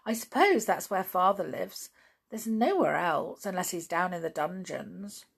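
An earnest, direct tomboyish girl from a children's adventure storybook, voiced by a woman reading aloud. She talks slowly with a lively, rising lilt. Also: lowish voice, gravelly, slightly rough, heavily acted.

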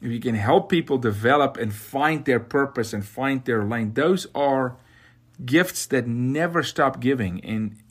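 A man's voice: mid-range voice, a little slow. A man hosting a faith podcast, speaking in an impassioned, exhorting way. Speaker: podcast host.

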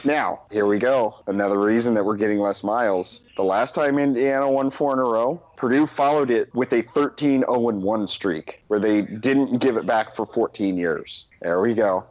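A man co-hosting a casual sports chat, lively and quick to laugh. His voice sits at an ordinary pitch. The recording is dry and a bit dull, close to the mic. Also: dry recording. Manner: animated, laughs often. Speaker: podcast co-host.

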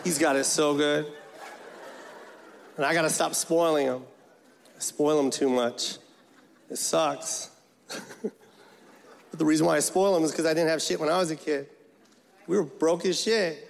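Profane high-voiced stand-up comedian. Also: male voice, measured pace, creaky, pauses often. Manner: profane, animated storytelling with acted-out voices. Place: large venue with a live audience. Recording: echoey hall, loud crowd.

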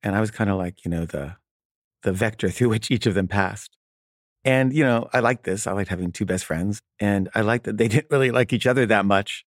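A man's voice: lowish voice, fairly quick, dry recording, studio quality. A man casually telling a personal story, wry and loose, with frequent filler words.

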